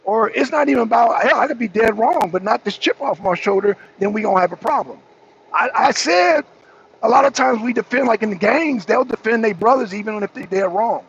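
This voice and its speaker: On a political talk show, a male co-host argues heatedly, repeating himself and mocking those he responds to. His high voice is animated, fairly quick, gravelly, and husky. The stream audio is dull and lo-fi, with faint noise.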